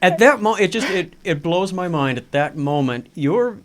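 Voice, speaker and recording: Lively-voiced man hosting an interview. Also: high voice, normal speed. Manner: gentle, encouraging questioner. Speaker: host. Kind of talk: interview questioning.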